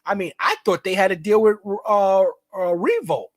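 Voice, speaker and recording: A man with a Brooklyn accent co-hosting a podcast in casual chat, profane, with loud outbursts and drawn-out emphasis. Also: high-pitched, steady tone. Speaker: podcast co-host.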